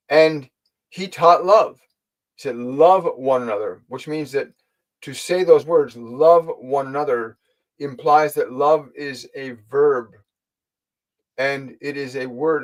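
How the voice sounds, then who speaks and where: Heard through a low-quality recording, this medium-pitched man runs a live spiritual stream. He talks straight to his viewers in a gentle, earnest way, guiding them, taking their questions, and repeating important phrases to stress them.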